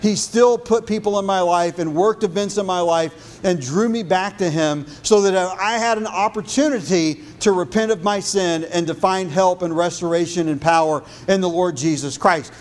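A man preaching a sermon as pastor, building on repeated phrases and dropping low and soft for emphasis. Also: normal speed, few pauses.

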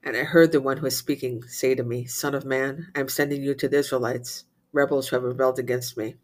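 A man reciting liturgical psalms and readings in a steady, measured chant, with occasional slips and restarts. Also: medium pitch. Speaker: prayer leader.

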